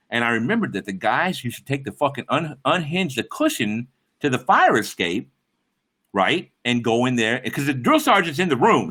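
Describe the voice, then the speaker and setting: A middle-aged livestream host rambles through a story, swearing freely and stopping to greet his chat. His bright, forward voice swings widely in pitch and carries a breathy edge.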